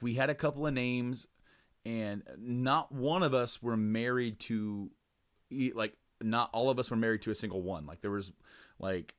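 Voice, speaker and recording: A man's voice: lowish voice, fairly bright tone, no echo, clean studio sound. A man co-hosting a casual podcast, telling a rambling story with frequent laughs and restarts. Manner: rambling, laughs often, lots of fillers and restarts. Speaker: podcast co-host.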